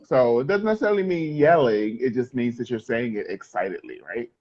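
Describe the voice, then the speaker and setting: A man's voice: medium pitch, animated, fairly quick, a little mellow, highs cut off. A male middle school teacher explaining sentence types, joking and quizzing his students. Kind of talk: classroom lesson.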